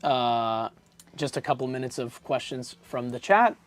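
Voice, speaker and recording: A relaxed, conversational co-host reading viewers' questions aloud on a live stream. The voice sits at a middling pitch with an easy, chatty rhythm. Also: a little slow. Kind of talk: casual livestream chat.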